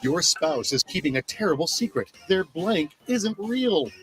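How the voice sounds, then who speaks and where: A man's voice: on the high side, expressive, unhurried, rough recording. A man playing a brash, wisecracking game-show announcer who introduces each round theatrically, with game music behind. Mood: hammy. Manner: theatrical, teasing.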